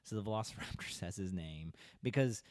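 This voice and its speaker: Male podcast lead, lowish voice, casual recap that quizzes the others, dry close sound. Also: a little fast, a little mellow, no echo. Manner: leads the discussion, quizzing co-hosts by name. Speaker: podcast co-host. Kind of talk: casual movie recap chat.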